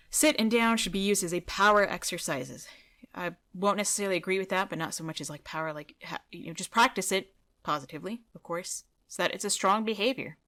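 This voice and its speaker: A woman's voice: fairly low pitch, fairly bright tone. A woman dog trainer giving blunt, indignant commentary on a training video and telling a story from her own work in a casual, opinionated way.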